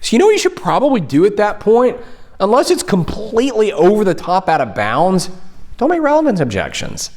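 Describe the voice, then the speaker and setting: A man's voice: high voice, wildly swooping pitch, a little fast, a little mellow. A young man who coaches mock trial, giving direct-to-camera advice in an earnest, conversational way.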